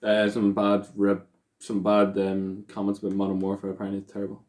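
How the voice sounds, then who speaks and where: A young man co-hosting a podcast in casual chat, teasing his friend and quick to call him out. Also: lowish voice, completely flat delivery, darkish tone. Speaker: podcast co-host.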